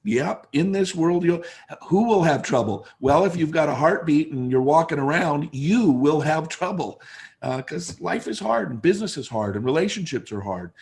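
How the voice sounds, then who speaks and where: A man's voice: on the high side, animated, normal speed, gravelly, a little mellow. A man in his fifties, a guest speaker telling a story in an interview, emphatic and repeating phrases for effect. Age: 50s.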